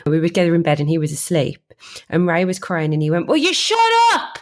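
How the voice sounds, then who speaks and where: A woman hosts a podcast over a video call, chatting casually in a slightly low voice. She trades her own stories and laughs easily as she talks. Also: fairly even intonation, fast talker, darkish tone. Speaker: podcast host. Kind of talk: casual interview chat.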